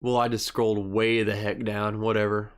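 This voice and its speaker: A man's voice: lowish voice, little pitch movement, normal speed, clean tone. A young man hosting a casual live stream, rambling through an army story and reading viewer comments aloud. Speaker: livestream host.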